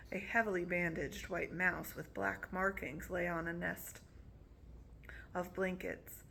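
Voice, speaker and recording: Gravelly, bright woman reading a novel aloud. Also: mid-range voice, slight background noise. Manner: casual, with slips and restarts. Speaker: reader.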